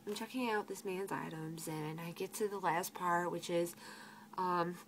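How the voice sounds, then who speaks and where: A woman's voice: fairly low pitch, fairly bright tone, low-quality recording. Exasperated teenage girl venting with faint hiss. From United States. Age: teens. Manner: exasperated, sarcastic, swears freely, quotes customers in mocking voices. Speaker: grocery cashier. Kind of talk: venting vlog rant.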